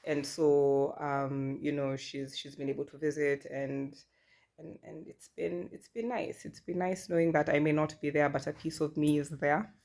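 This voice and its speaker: Candid low-voiced woman vlogging. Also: flat delivery, moderate pace, darkish tone. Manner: candid, chatty, self-deprecating humor. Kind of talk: reflective personal vlog.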